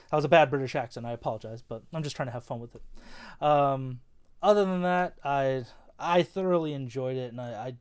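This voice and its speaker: A man's voice: medium pitch, brisk, smooth. A young man co-hosting a casual film review, talking loosely with lots of fillers and restarts.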